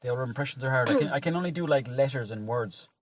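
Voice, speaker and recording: An Irish man co-hosting a casual podcast, quick and jokey, swearing now and then. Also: mid-range voice. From Ireland. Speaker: podcast co-host, comedian. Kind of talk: casual chat. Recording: distant mic with loud noise and clicks.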